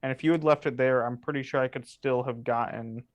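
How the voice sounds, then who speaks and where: A mid-pitched man explains his plays in a relaxed, matter-of-fact way. The sound is dry and close. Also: brisk, no room sound. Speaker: game player. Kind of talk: post-game interview.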